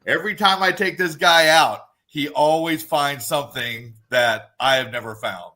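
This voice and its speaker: A man giving a fast, casual treasure hunting report as a guest, rattling through news like an auctioneer, with many fillers. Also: a little high, pushed and bright. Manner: quick, auctioneer-like rundown with fillers.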